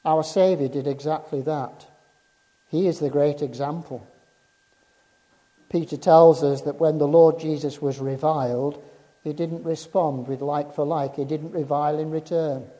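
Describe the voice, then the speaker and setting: In a reverberant hall that leaves a long echo, a male preacher delivers his sermon at an unhurried, deliberate pace. His voice is deep and mellow yet slightly higher than the typical man's, with fairly even intonation, and he stresses points with measure, dropping low and soft on key phrases.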